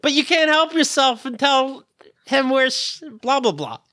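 A sarcastic, joking speaker with a bright, sharp voice that jumps around a lot, especially when mimicking people. The talk is casual and recorded close and dry. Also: lively intonation, measured pace, dry recording. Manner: sarcastic, jokey, acts out quotes in high voices. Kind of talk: casual chat.

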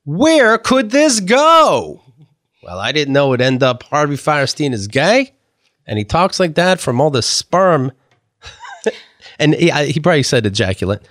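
In casual podcast banter, this male co-host rambles through stories and mimics the voices of people he describes. He speaks at a normal speed in an animated, mid-range voice with a fairly bright tone. The sound is dry and of studio quality.

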